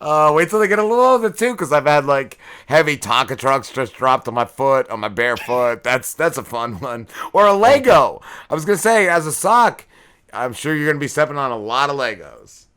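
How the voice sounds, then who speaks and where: A man in his thirties hosting, telling animated stories in casual chat. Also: medium pitch, normal speed, clear, resonant tone. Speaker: radio show host.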